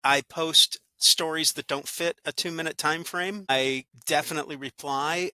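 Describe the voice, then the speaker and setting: Bright upbeat man telling stories. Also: fairly high pitch, steady tone, normal speed, dry recording. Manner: upbeat storyteller, acts out little quoted voices. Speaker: podcast guest, actor and good-news podcaster. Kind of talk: casual interview talk.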